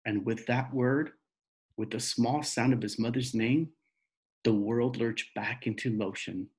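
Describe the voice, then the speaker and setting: A man reading a novel aloud in slow, steady narration. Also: medium pitch, low-quality recording. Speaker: reader.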